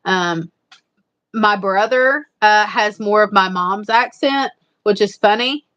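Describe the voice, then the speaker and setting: A woman's voice: mid-range voice, slow pace, a bit bright. Chatty Eastern Kentucky Appalachian woman. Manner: rambling, repetitive, chatty. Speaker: livestream host. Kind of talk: casual live chat.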